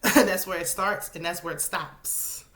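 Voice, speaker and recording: A woman talks through a reality show recap in a sassy, chatty way. Her voice is bright and forceful and sits a little low. She sounds loose and conversational, like she is talking straight to her viewers. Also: unhurried. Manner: chatty, sassy, animated with dialect speech. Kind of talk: casual recap commentary.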